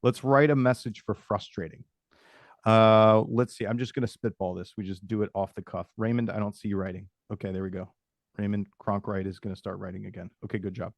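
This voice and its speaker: Male sales coach, low voice, energetic and improvising, dry video-call sound. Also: a little fast, no echo. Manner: energetic, improvises sample messages aloud, addresses attendees by name. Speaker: webinar host and sales coach. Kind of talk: live webinar teaching.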